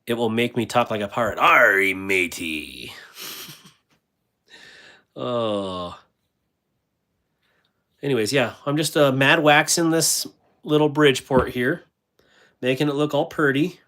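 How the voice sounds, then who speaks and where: A man's voice: medium pitch, measured pace, long pauses, fairly bright tone. Rambling man hosting a casual livestream. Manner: rambling, with many fillers and restarts; reads viewer comments aloud and answers them. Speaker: livestream host.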